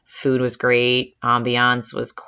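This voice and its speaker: A woman co-hosting a podcast, chatty and upbeat and quick to laugh. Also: rumbling low, completely flat delivery, sharp tone, clear, resonant tone, muffled recording. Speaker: podcast co-host. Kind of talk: casual chat.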